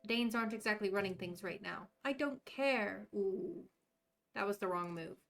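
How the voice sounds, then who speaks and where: A woman streamer reading a story game aloud in a calm voice with quick asides. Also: medium pitch, gravelly.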